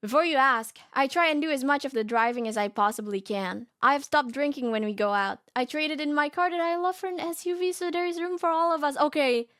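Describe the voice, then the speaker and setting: A woman streamer reading a story aloud and reacting in casual chat, animated and giggly, often laughing. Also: high voice, brisk, hardly any pauses, dry recording, clean studio sound. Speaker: VTuber streamer.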